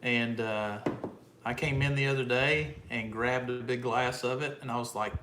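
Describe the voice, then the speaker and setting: A man's voice: mid-range voice, fairly even intonation, normal speed, sharp tone. A man co-hosting a homestead channel, chatting casually in an easygoing way and chuckling often. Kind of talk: casual chat. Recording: echoey room with faint noise.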